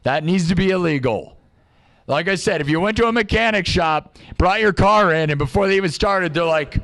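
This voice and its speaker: A man ranting casually to his live-stream audience, joking around and acting out quick little exchanges in other voices. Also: high-pitched, fairly bright tone. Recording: music playing behind the voice.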